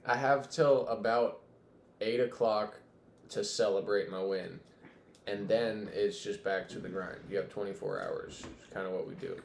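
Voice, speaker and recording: A man's voice: fairly even intonation, unhurried, gravelly. A man chatting casually on a podcast as a guest fighter, laid-back and swearing freely. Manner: laid-back, swearing, drops to low murmurs. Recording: echoey room with faint noise.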